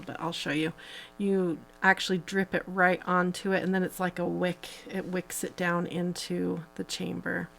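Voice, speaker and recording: A woman's voice: fairly low pitch, little pitch movement, moderate pace, creaky, fairly bright tone, slight background noise, low-quality recording. A woman hosting a live craft tutorial, chatting casually as she demonstrates each step, with plenty of fillers. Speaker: host.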